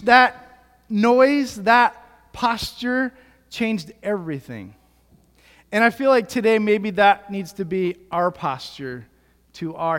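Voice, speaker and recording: High-voiced man preaching in an echoing hall. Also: fairly bright tone. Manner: casual storytelling with many fillers. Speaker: pastor. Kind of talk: sermon. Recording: long hall reverb.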